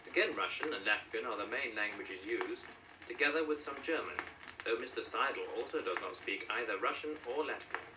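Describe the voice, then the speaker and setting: A man's voice: medium pitch, animated, a little fast, far from the mic. Formal man narrating an old hissy record. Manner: formal, matter-of-fact delivery. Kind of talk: scripted documentary narration.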